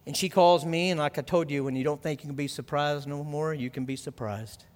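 A man preaching a sermon as pastor, telling a story quietly and then building to loud, fervent preaching. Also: fairly high pitch, brisk, in a large hall.

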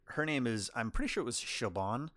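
A man's voice: medium pitch, big pitch swings, racing, a bit bright, no echo, clean studio sound. A man co-hosting a podcast, chatting casually about a film and often restarting his sentences. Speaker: podcast co-host. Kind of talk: casual film review chat.

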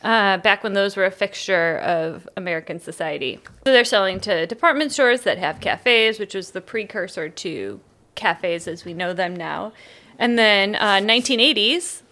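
A woman's voice: medium pitch, expressive, moderate pace, bright, forceful tone. A woman co-hosting a casual podcast, telling a story with frequent laughs and restarts. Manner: giggly, tells a story with many restarts. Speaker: podcast co-host. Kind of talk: casual chat.

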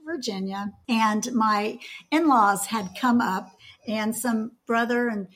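A woman guest on a faith talk show, telling a home story in a casual, animated way with laughter. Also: on the high side, slow.

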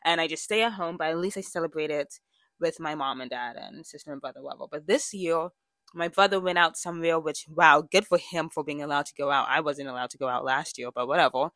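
Chatty young woman with a low, dry voice. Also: quick pace, a bit bright, dry recording. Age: young adult. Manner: chatty and candid, with frequent fillers and self-corrections. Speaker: podcast host. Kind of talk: casual personal monologue.

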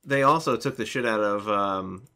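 A man's voice: lowish voice, moderate pace, pushed and bright, smooth. A man co-hosting a casual political chat, talking in a hesitant, easily amused way. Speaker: co-host.

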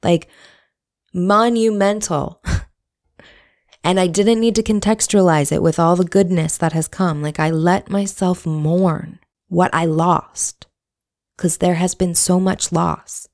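A woman's voice: lowish voice, fairly even intonation, slow, darkish tone. A woman candidly telling a personal story in a reflective, casual monologue, swearing now and then.

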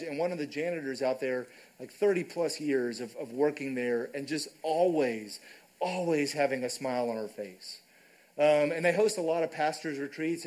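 A man's voice: mid-range voice, darkish tone, low-quality recording. A man preaching a sermon in a church, conversational and casual, often checking in with the congregation. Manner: conversational, frequent "right?" asides. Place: church sanctuary.

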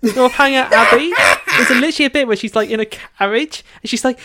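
A man co-hosting a podcast in casual book chat, animated and exasperated, acting out characters in quick asides. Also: extremely high pitch, slight background noise. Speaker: podcast co-host.

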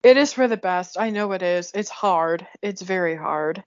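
A woman's voice: fairly low pitch, normal speed, no room sound. A young woman hosting a podcast, chatting casually and emotionally, laughing often. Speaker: podcast host. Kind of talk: casual chat. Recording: dull lo-fi sound.

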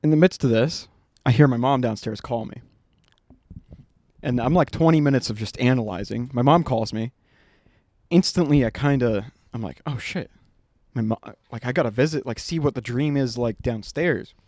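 A man's voice: medium pitch, normal speed, darkish tone, dry recording. A man in his twenties on a podcast, telling a story in casual chat, swearing freely and laughing as he goes. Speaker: podcast co-host.

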